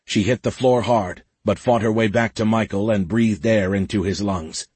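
A man narrating a science fiction audiobook in a steady, measured way. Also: on the low side, husky. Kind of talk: scripted narration.

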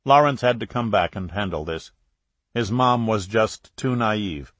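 A male audiobook narrator reads a novel in a measured, even way. His voice is on the low side, and the recording is close and dry. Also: dry recording. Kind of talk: scripted narration.

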